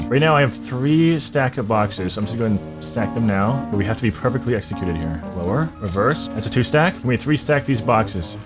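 A man giving casual, excitable gameplay commentary, swearing a lot and breaking into loud frustrated outbursts. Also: on the low side. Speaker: gaming video creator.

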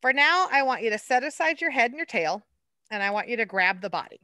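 A woman art docent leading a hands-on clay lesson, chatty and quick to laugh at herself. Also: a little high, sing-song, bright, forceful tone, dry recording.

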